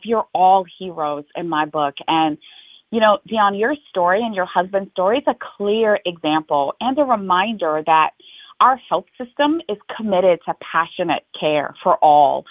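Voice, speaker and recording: Woman, physician, proud and polished, tinny phone line, mid-pitched voice. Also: no room sound. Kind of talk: podcast interview.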